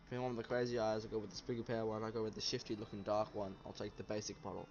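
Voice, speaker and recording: A man's voice: fairly low pitch, little pitch movement, racing, darkish tone, slight background noise. Playful man commentating a game. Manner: playful, reads game text aloud. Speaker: let's play host. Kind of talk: gameplay commentary. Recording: dull lo-fi audio, faint music.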